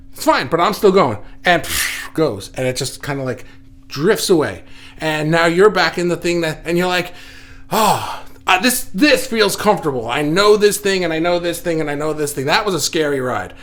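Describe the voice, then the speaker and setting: Rambling man with a higher voice. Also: fairly bright tone. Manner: rambling, self-correcting, reflective. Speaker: livestream host. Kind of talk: casual live chat reading comments. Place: indoor studio under lights. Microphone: facing camera, reading viewer comments.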